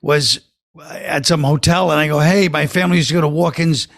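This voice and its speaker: A man's voice: fairly high pitch, fairly even intonation, brisk, vocal fry, fairly bright tone, dry recording. A man from Brooklyn, a guest comedian telling rambling, dry stories in a casual podcast chat. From Brooklyn, New York. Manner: rambling storyteller, dry and wry.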